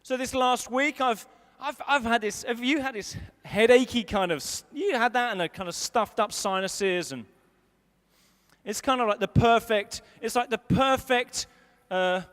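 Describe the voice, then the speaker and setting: A man's voice: high voice, animated, a little slow, fairly bright tone. A man preaching a sermon, telling a self-deprecating story and acting out a grumpy mutter and his wife's fussing. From England. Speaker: pastor. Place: large school hall. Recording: long hall reverb.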